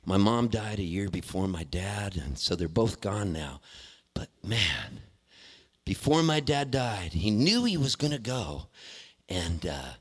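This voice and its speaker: A man's voice: lowish voice, very animated, unhurried. A man, a performing musician, telling an earnest story onstage at a concert hall, acting out the voices he quotes.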